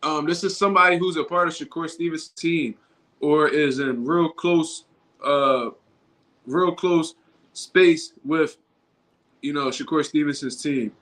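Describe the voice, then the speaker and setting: A man with a slightly higher voice talks casually into his livestream. He speaks in loose street slang, restarting sentences as he goes. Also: measured pace, a bit bright. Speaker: boxing commentary YouTuber.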